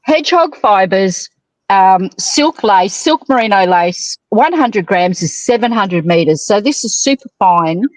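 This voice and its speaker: A woman's voice: medium pitch, animated, measured pace, no room sound, poor audio. A woman hosting a casual knitting livestream, cheeky and teasing with crude jokes. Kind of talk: casual chat.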